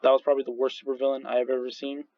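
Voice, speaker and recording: A man's voice: mid-range voice, completely flat delivery, rapid-fire, dry recording, dull audio. Rambling, laughing male movie reviewer. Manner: rambling, full of restarts and fillers, laughs often. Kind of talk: casual chat.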